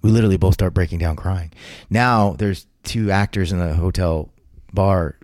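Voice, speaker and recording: Interview guest, man, low voice, rambles and restarts, dead-dry recording. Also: fairly even intonation, normal speed, darkish tone, no echo. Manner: rambling, frequent restarts and repeated words. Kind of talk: casual anecdotal storytelling.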